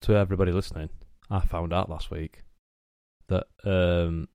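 A man's voice: low voice, level tone, moderate pace, dark tone, clean tone, no echo, studio quality. A young man with a Northern English accent co-hosting a podcast, chatting in blunt, sweary banter. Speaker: podcast co-host. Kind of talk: casual chat.

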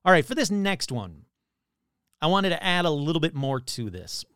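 A man's voice: on the high side, very animated, normal speed, a bit bright, clear, resonant tone, no room sound. A man hosting a paranormal show, reading AI-written scripts aloud and commenting wryly as he goes. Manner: wry, self-interrupting, amused.

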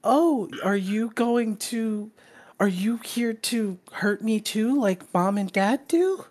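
Brief: man playing a creepy little kid, sweet and unsettling, high voice. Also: slow pace, darkish tone. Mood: eerie sweet. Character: small eerie child with missing fingers.

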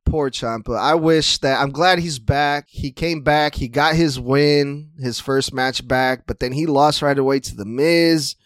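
A man's voice: fairly high pitch, steady tone, a little slow, few pauses, no room sound, clean studio sound. A man hosting his own show, giving a chatty, opinionated recap full of fillers and asides. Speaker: podcast host. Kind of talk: casual solo recap.

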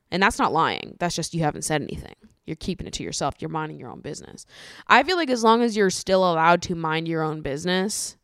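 A woman hosting a solo podcast, chatting casually with lots of swearing, laughter and animated ranting. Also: fairly low pitch, smooth, dry recording, clean studio sound. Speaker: podcast host.

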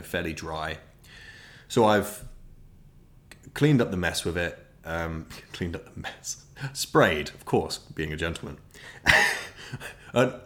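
Young man, low-ish voice, rambling comic storyteller, podcast host. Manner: rambling, self-mocking, animated with many fillers.

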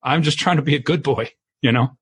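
A man co-hosting a podcast in casual conversation, talking in a halting, emotional way, choked up as he shares a memory. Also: a little high, slightly rough. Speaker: podcast co-host.

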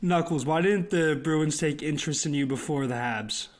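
A man's voice: a little high, moderate pace. A man co-hosting a casual chat show, reading out listener questions plainly.

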